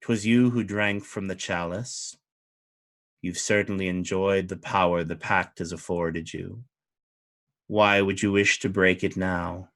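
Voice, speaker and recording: A man voicing a cold, imperious fey lord who speaks slowly in formal, archaic phrasing. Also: sits low, steady tone, fairly bright tone, pitched below the performer's own voice. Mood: coldly formal.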